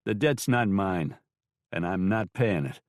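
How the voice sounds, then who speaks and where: A man voicing a tough, blunt new sheriff in an audiobook, curt and flat in delivery. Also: low voice, a little slow, dry recording, clean studio sound. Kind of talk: audiobook character voice.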